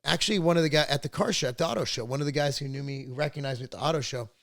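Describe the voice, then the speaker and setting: A man's voice: on the high side, rapid-fire, fairly bright tone, dry recording. A middle-aged man hosting a podcast, telling family stories in a rambling, profane, casual way. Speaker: podcast host. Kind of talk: casual chat.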